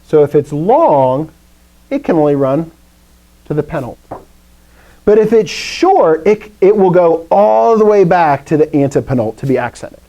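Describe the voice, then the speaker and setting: A warm, mellow-voiced man teaches Greek live, his intonation swinging up and down as he explains things unhurriedly. He keeps throwing questions at the class in an animated, playful manner, and the audio sounds dull.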